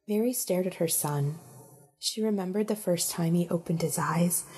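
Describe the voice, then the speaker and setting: A woman narrating a story in a hushed, breathy manner, often sinking close to a whisper. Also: fairly low pitch.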